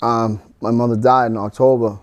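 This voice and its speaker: A middle-aged man, a podcast guest, telling a painful personal story in a halting way, full of restarts and fillers. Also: mid-range voice, flat delivery.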